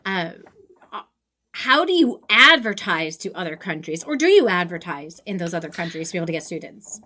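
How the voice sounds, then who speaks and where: A woman's voice: fairly low pitch, fairly quick. Enthusiastic woman interviewer. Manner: enthusiastic, animated, many fillers. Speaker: host, tutoring business coach. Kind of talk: casual interview chat.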